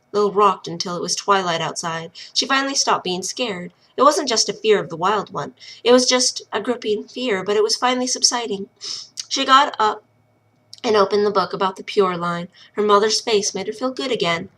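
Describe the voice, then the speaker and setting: Bright-voiced woman reading her novel. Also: mid-range voice, brisk.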